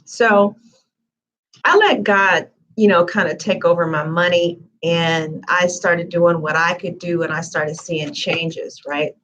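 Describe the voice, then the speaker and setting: A woman's voice: on the low side, steady tone, slow, fairly bright tone. A woman giving a tarot reading in a casual, chatty live-stream manner with lots of fillers. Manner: chatty, conversational, frequent fillers. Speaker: tarot reader.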